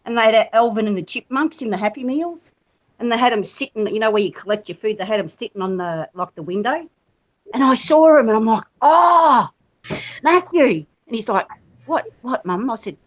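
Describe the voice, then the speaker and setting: Woman, fifties, playful chat storyteller, pitched a bit high. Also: lively intonation, fast. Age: 50s. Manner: playful storyteller acting out her kids' lines. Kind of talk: casual chat.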